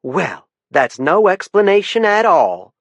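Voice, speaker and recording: Indignant twangy rich older lady, man putting her on, high and drawn-out, dry close audiobook sound. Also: big pitch swings, gravelly, fairly bright tone, dry recording, exaggerated voice.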